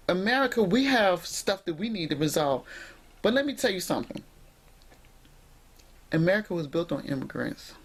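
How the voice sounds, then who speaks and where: A woman vlogger talking straight to camera in an emphatic, preachy way, speaking directly to her viewers from indoors at home on the camera mic. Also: on the low side.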